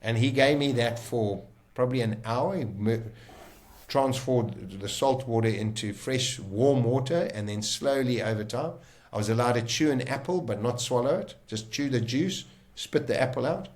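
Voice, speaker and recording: A South African man with a mid-range voice tells his story emphatically, as a podcast guest. He leans hard into the key moments and often restarts a sentence mid-thought. It is lively, first-person storytelling. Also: medium pitch. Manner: vivid, emphatic retelling with quick restarts.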